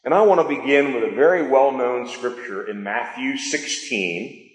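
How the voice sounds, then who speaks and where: In a reverberant church hall, a male pastor delivers a sermon through the sound system mic at normal speed in a mid-range voice. He presses his points hard, circling back to key phrases and questioning his congregation.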